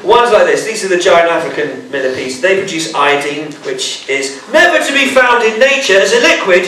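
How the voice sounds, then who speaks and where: Man, playful bug show presenter, fairly high voice, very echoey school hall, distant mic. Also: bright, forceful tone, a little hiss or hum. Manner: jokey, playful showman banter. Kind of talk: live educational show for an audience.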